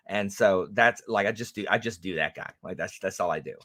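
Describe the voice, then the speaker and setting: A man co-hosting a livestream in easy, rambling chat, full of restarts and quick laughs. His voice is bright and forward, and his pitch leaps around as he talks. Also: animated. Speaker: co-host of a book channel livestream.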